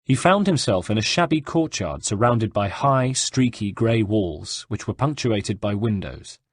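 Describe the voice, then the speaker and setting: Low, husky male audiobook narrator. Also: lively intonation, measured pace, no room sound, clean studio sound. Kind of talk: scripted narration.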